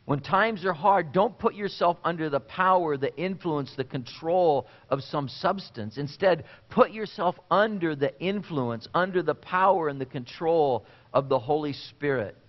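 A man preaching a sermon in an earnest way, with deliberate pauses and repeated phrases. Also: a little high, muffled recording. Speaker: pastor.

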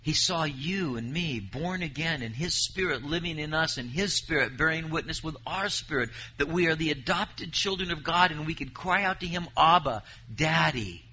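Bright-voiced man preaching a sermon. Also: a little high, normal speed, few pauses, dull audio, slight background noise. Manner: emphatic preaching, reads scripture aloud.

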